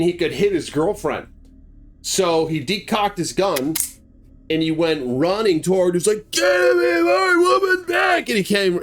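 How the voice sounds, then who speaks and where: A man telling a chilling true story in a casual, dramatic way, with vivid asides to his viewers. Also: a little high. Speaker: horror storyteller.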